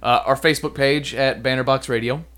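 A man's voice: medium pitch, fairly even intonation, a little fast, fairly bright tone, clean tone. A man co-hosting a casual talk show, joking dryly in banter with his partner. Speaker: podcast co-host. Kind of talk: casual chat.

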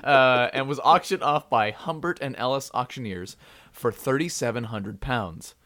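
A man co-hosting a casual comedy podcast, reading out a news story with halting restarts, asides and laughs. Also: mid-range voice, fairly bright tone, slight background noise. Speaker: podcast co-host.

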